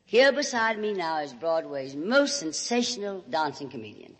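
Southern woman radio host, theatrical drawl, wide-ranging pitch, roomy hall echo on an old broadcast. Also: big pitch swings, moderate pace, a bit bright. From Alabama. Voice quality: theatrical, drawling, calls everyone darling. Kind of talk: comedy monologue.

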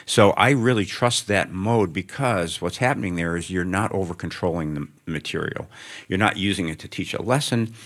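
A man with a very low, deep voice talks as a writer in front of a student audience. He answers in a reflective, wandering way, slipping in wry asides. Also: normal speed, a bit bright. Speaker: writer, guest of an onstage interview. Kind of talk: answering questions before a live student audience.

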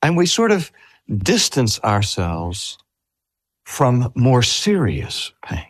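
Older man preaching with lively, sweeping pitch. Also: husky, dry recording, studio quality. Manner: slow deliberate emphasis with wide pitch swings. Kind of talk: sermon.

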